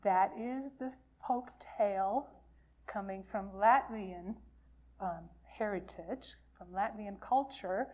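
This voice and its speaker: Slow, expressive woman minister. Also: medium pitch. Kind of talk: reading a folktale aloud in a worship service.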